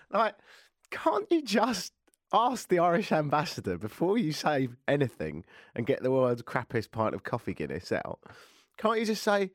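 A man's voice: mid-range voice, huge pitch swings, unhurried, no room sound, clean studio sound. A British man in his forties hosting a radio show, chatting in a rambling, self-mocking way. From Britain. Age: 40s. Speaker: radio host. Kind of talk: casual radio monologue.

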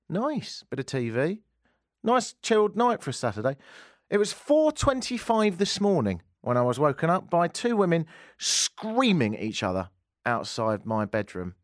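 A man's voice: mid-range voice, no room sound. Man, radio host, comic monologue, bouncy voice, dry studio sound. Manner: jokey, self-mocking storytelling, jumps between loud and hushed.

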